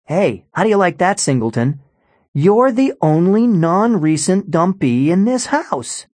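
A man reading an audiobook, voicing a brash, joking young man who talks loudly and dramatically. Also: high voice, sing-song, measured pace, dry recording, pitched above the performer's own voice, exaggerated voice. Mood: teasing. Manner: loud, teasing and dramatic. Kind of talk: audiobook character voice.

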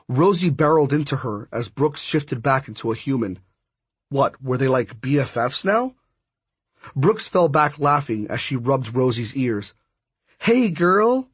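A man's voice: mid-range voice, slightly rough, no room sound. A man narrating a first-person audiobook in an easygoing, conversational way.

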